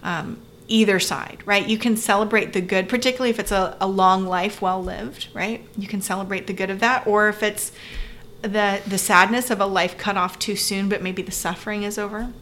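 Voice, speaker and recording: A woman's voice: medium pitch, fairly even intonation, moderate pace, fairly bright tone, a little hiss or hum. A woman, a pastor co-hosting a podcast, explaining earnestly and often checking in with "right?". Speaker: pastor and co-host. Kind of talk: conversational podcast discussion.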